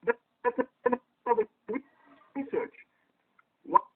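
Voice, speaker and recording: In a heated online debate, a man presses his opponent with repeated, insistent questions. His voice is extremely high and sing-song, slow, with vocal fry. A poor-quality microphone leaves him sounding tinny, like a phone voice chat line.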